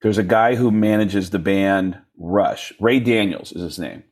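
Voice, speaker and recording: Man, comedian guest, husky mid-pitch voice, lively storyteller who acts out voices. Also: unhurried. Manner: acts out voices in quoted dialogue, jumping high and low. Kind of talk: animated storytelling with impressions.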